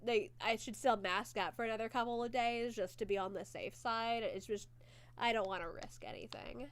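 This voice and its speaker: A woman's voice: fairly high pitch, fairly even intonation, normal speed, slight background noise. A woman streamer chatting casually through a movie watchalong, laughing often and swearing offhandedly.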